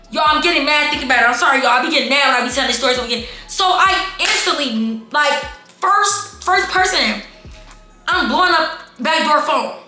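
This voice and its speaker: High, bright-voiced woman telling a story. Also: brisk. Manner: animated, exasperated, addresses viewers as y'all. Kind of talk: casual storytime vlog. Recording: echoey room with faint background music.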